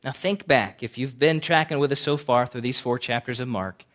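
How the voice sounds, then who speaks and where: A man preaching a sermon, swinging between loud emphasis and hushed, quiet lines. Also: mid-range voice, moderate pace. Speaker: pastor.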